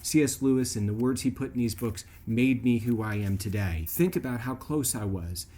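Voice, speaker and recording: Man telling a personal story, chatty and animated. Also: medium pitch, normal speed. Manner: conversational, animated storyteller who keeps checking in with "right?". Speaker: video host.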